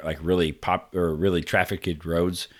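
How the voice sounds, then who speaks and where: A man's voice: low-pitched, level tone, measured pace. A man co-hosting a casual podcast, chatting in a laid-back way and reading out local news. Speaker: podcast co-host.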